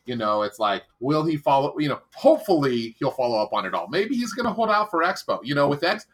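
A man's voice: fairly high pitch, big pitch swings, fast. A man hosting a casual podcast chat, giving blunt, profane, rambling opinions. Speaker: podcast host.

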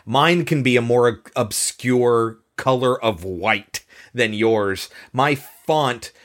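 A man's voice: medium pitch, slow, fairly bright tone. A man co-hosts a casual film podcast. His tone is wry and analytical, and he thinks aloud in rhetorical questions. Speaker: podcast co-host.

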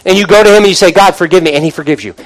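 A man preaching a sermon, emphatic and repetitive, often dropping to a low, quiet voice and calling out questions to the congregation. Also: very animated, racing, rough recording.

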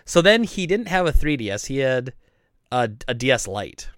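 A man running a game store, telling customer stories in a casual, animated chat and acting out the people involved. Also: medium pitch, moderate pace, no echo, clean studio sound. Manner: animated, laughing, acts out customers and coworkers. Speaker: game store owner, podcast host.

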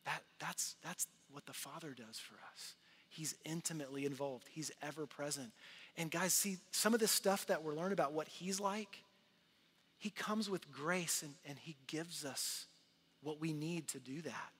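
A man in his thirties preaching a sermon to his church in a conversational, earnest way, swinging from loud to hushed. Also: fairly high pitch, normal speed, slightly rough. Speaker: pastor. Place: large church hall. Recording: long hall reverb.

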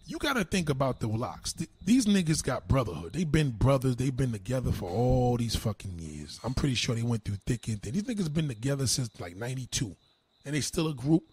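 A man ranting on a livestream, answering his chat in a loud, combative, mocking way. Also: medium pitch, very animated, fairly quick, slightly rough, no echo. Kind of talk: live-stream rant.

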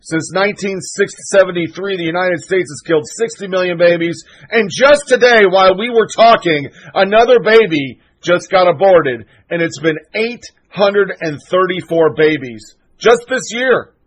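A man's voice: sits high, normal speed, hardly any pauses, rough recording. A male show host delivering a solo commentary monologue, ranting in a fired-up, profane and sarcastic way.

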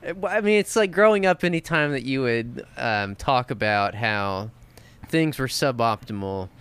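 A speaker with a smooth, clear voice that moves freely up and down, chatting casually and tossing in dry, wry remarks. The sound is close and dry, with no room echo. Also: mid-range voice, expressive, moderate pace, a bit bright. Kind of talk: casual chat.

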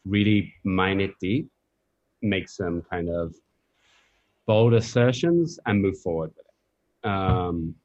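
A man's voice: deep voice, slow, long pauses, a little mellow, dry recording, muffled recording. A man talking as a guest in a podcast interview, thoughtful and reflective, with loose phrasing and fillers. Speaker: coffee professional guest. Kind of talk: casual interview chat.

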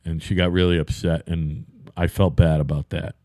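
A man's voice: deep voice, little pitch movement, moderate pace, dark tone, no room sound. Boston guy in his fifties, cussing constantly, blunt chat, mic dead dry. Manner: profane, blunt banter. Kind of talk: casual chat.

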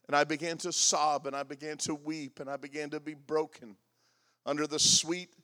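A pastor in his sixties preaching a confessional sermon, moving between loud emphatic lines and hushed, soft passages. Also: fairly high pitch, level tone, normal speed. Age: 60s.

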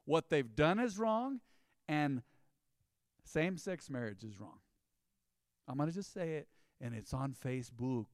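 A man's voice: medium pitch, dry recording, studio quality. A man preaching a sermon as pastor, in an emphatic, conversational style with rising bursts.

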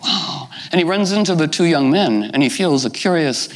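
A man's voice: on the high side, lively intonation, fairly quick, poor audio. A middle-aged man retelling a fairy tale informally, rambling with asides and many "you know" fillers. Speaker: storyteller.

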